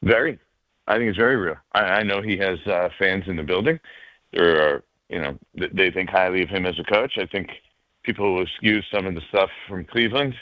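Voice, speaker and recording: A man's voice: low-pitched, no echo. A man speaking as a sports reporter guest on a radio show, joking and hesitant with lots of fillers, over a remote line. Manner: hesitant, ribbing, filler-heavy. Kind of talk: casual radio interview. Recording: dull dry remote line.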